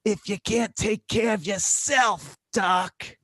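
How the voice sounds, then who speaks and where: A woman's voice: mid-range voice, slow pace, a bit bright, no room sound, clean studio sound, voice pushed up. A man voicing a feisty woman in her eighties, a blunt former dancer and cancer patient. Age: 80s. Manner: blunt, brassy, teasing.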